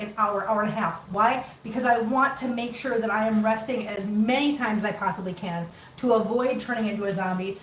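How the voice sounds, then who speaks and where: A woman's voice: a little high, roomy sound, distant mic, a little hiss or hum, rough recording. A chatty middle-aged woman rambling casually to her livestream viewers while cooking in her home kitchen. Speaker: cat rescue vlogger.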